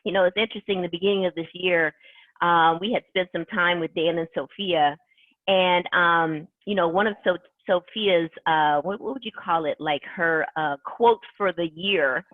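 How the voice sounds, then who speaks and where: A woman's voice: lowish voice, moderate pace, dry recording. Enthusiastic woman on a tinny call. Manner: enthusiastic, rambling, many fillers. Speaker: team leader closing a conference call. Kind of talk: casual motivational talk. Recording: tinny conference call line.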